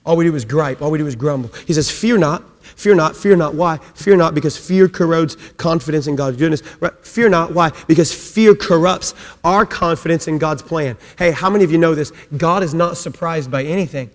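High-voiced preacher in an echoing hall. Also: male voice, a little fast, hardly any pauses. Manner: emphatic, repetitive, swings from loud to hushed. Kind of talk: sermon. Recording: echoey hall.

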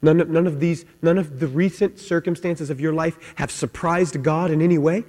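Pastor, male, fairly high voice, fervent sermon delivery, big church reverb, faint mains hum. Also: fairly even intonation, moderate pace. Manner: impassioned, repeats words, swings from loud to hushed.

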